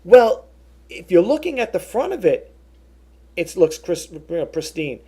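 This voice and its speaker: The middle-aged vlogger sounds very animated, speaking a little slowly in a high-sitting, husky voice with a dark tone. His indignant, rambling story in a casual vlog is full of restarts, and he quotes both sides of a phone call.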